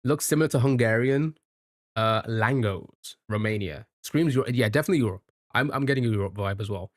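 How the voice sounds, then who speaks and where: A man's voice: medium pitch, brisk, no echo, studio quality. A man from the United Kingdom, streaming and chatting casually, thinking aloud while he guesses and jokes with his chat. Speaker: live streamer.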